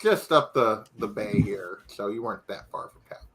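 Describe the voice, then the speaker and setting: A man's voice: on the low side, animated, normal speed, heavy background noise. A man narrating as game master, casual and loose, with lots of fillers. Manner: casual, filler-heavy, laughs often.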